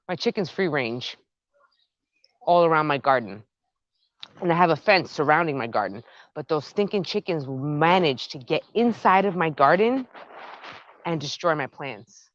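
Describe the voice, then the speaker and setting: A gardening vlogger with a North Jersey accent hosts a live stream, chatting casually and excitedly with viewers while working in her outdoor garden. Her voice is low and her speed normal, with no echo but a lo-fi sound.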